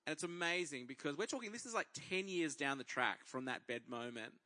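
A man in his thirties preaching, telling a personal faith story to a congregation as an animated storyteller who acts out his own inner dialogue. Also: a little high, a little fast.

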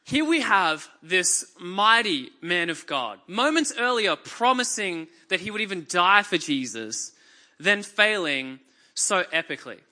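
A high, bright, forceful voice belongs to an Australian man giving a sermon to his congregation at a measured pace with lively intonation. Conversational and joking, he trades wry quips with dramatic readings of scripture.

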